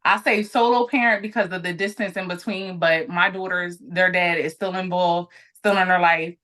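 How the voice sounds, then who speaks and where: A woman's voice: lowish voice, fairly even intonation, normal speed, a bit bright. Candid woman in her late thirties. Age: 30s. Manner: earnest, conversational, reflective. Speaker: guest. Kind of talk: candid podcast conversation.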